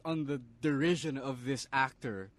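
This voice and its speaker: A man's voice: mid-range voice, moderate pace, no echo. A man, co-hosting a casual wrestling podcast and breaking down the show, slipping Tagalog into his English. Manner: analytical, mixes Tagalog into English. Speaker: podcast co-host.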